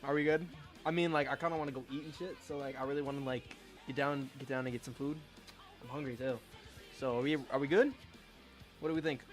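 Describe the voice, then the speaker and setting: A male streamer chatting casually on a live stream, excitable, swearing and laughing often. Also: medium pitch, fast talker, faint music behind.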